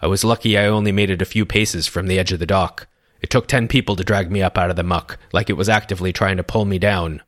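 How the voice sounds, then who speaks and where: A man voicing a rattled male villager who mutters slowly. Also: sits low, fairly even intonation, fairly bright tone, no room sound, clean studio sound. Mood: shaken. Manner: muttering, slow.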